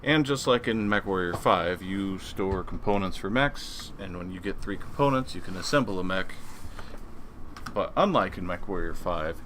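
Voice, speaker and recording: A man's voice: deep voice, a bit bright, slight background noise. A man casually commenting on a strategy game he is playing, rambling and reading game text aloud. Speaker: gaming video creator.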